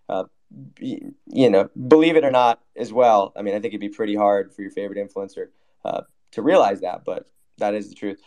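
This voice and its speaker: A man's voice: medium pitch, darkish tone. Brash, joking male chat host. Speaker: host of an online audio room. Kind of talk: casual group audio chat.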